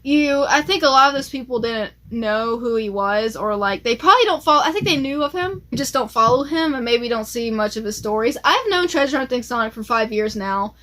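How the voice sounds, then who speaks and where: A woman chatting casually and excitedly as she shows off her collection, with plenty of fillers along the way. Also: fairly high pitch, a little fast, few pauses. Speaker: collector vlogger. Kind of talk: casual show-and-tell chat.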